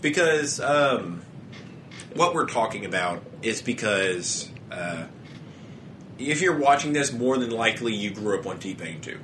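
A man's voice: lowish voice, expressive, measured pace, fairly bright tone, a little hiss or hum. A young man co-hosting a podcast, rambling casually with frequent restarts and a lot of swearing. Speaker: podcast co-host.

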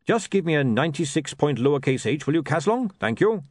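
A man's voice: fairly high pitch, sing-song, brisk, no room sound, studio quality, voice pushed up. A man doing a shy, practical dwarf printer. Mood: pleased. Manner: matter-of-fact, patient.

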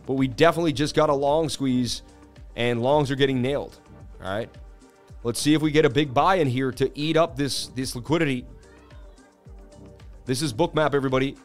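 A man hosts a live market-analysis stream, talking in a casual, excitable way. His voice sits in an ordinary middle pitch. Faint music plays under him. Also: brisk, pauses often. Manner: animated, casual, hype-driven. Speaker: crypto market analyst host.

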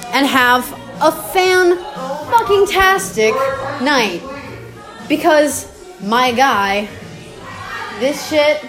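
Young woman, high voice, rambly casual chatter full of laughs and cursing; roomy echo, clear music underneath. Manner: rambling, laughing, swearing, slangy. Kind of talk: casual recorded chat about game lore.

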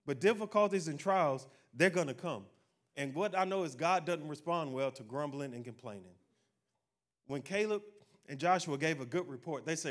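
A man's voice: on the high side, expressive, normal speed. A man preaching a sermon in a folksy, conversational way, calling out "amen" and acting out quotes. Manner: exhorting, call-and-response preaching. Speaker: pastor.

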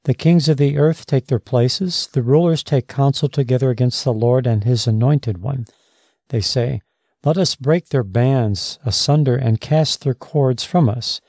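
A man co-hosting a Christian talk show, reading scripture aloud in a measured, solemn way. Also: mid-range voice, darkish tone, dry recording, studio quality.

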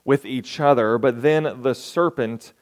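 Male pastor, slow easy sermon, chatty and asks the congregation questions. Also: mid-range voice. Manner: conversational storytelling, asks the listeners questions.

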